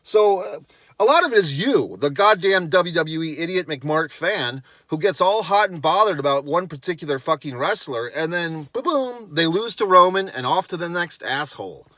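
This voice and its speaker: A man's voice: fairly high pitch, animated, normal speed, fairly bright tone, no echo. A man delivering a profane, sarcastic rant on his vlog, blunt and dismissive in tone. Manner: sarcastic, heavy swearing. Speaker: wrestling commentator.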